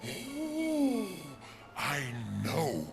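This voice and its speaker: A woman's voice: fairly high pitch, wildly swooping pitch, extremely slow, over music, full character voice. A woman voicing a playful, upbeat young companion in a video game, cheerful and teasing.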